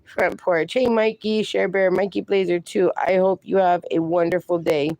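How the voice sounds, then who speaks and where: A woman's voice: on the low side, steady tone, normal speed, darkish tone, no room sound. A middle-aged woman hosting a casual livestream, reading viewer comments aloud and baby-talking to her dogs. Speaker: livestream host.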